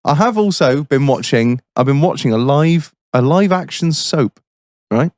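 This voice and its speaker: A man's voice: a little high, measured pace, no room sound. A man co-hosting a podcast, telling a long sweary anecdote in casual chat. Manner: animated, swearing anecdotes with put-on voices. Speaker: podcast co-host.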